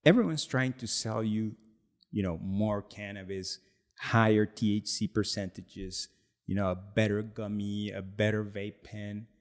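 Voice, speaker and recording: Here a man with a fairly low voice speaks a little slowly while co-hosting a podcast. He's also a product founder, and he tells his story loosely and with energy, laughing and performing the lines he quotes.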